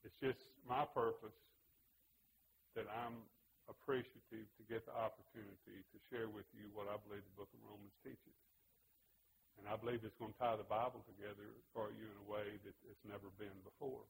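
Gravelly man teaching the Bible. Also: lowish voice, level tone, a little fast, slight background noise, poor audio. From United States. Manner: earnest storytelling, acts out remembered exchanges. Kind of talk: conversational Bible lesson.

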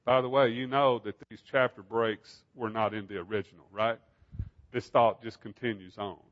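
A man's voice: fairly low pitch, steady tone, moderate pace, lo-fi sound. A man preaching a Bible study sermon in an emphatic style, asking rhetorical questions.

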